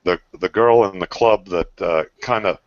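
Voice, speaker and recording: A man's voice: sits low, moderate pace, no room sound. A man in his sixties in casual chat, telling blunt, profane stories. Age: 60s. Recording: dry, dull lo-fi audio.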